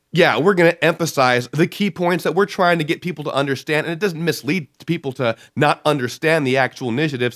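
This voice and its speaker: A man's voice: medium pitch, fairly bright tone. Indignant man hosting a political talk. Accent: American. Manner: emphatic, indignant. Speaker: show host. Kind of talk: political commentary.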